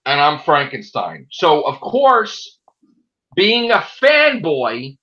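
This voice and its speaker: A man hosting a casual chat show who rants in an animated way and swears a lot. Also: fairly high pitch, slow, dull audio. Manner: animated, profane ranting. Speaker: podcast host.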